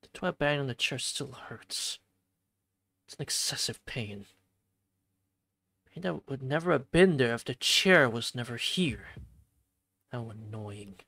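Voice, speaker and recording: A streamer reading a visual novel aloud from a home streaming setup, with expressive delivery and jokey asides. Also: mid-range voice, measured pace, gravelly, pauses often.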